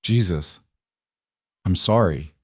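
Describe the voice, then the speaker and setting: A man voicing a young woman who asks soft, earnest questions. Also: low voice, slow, no room sound, studio quality. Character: young woman, anxious and direct.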